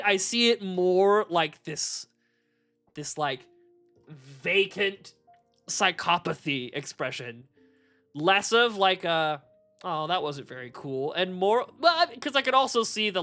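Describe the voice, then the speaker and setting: Male streamer, bright and lively, profane, rambling chat, faint music underneath. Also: high-pitched. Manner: rambling, profane, laughs at his own jokes. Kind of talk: casual live-stream chat while shiny hunting. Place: warm home room.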